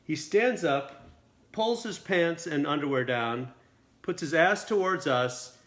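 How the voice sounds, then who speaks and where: A man, a film director and guest, telling a lively anecdote at a dinner table interview. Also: fairly high pitch. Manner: quick, lively storytelling with acted quotes.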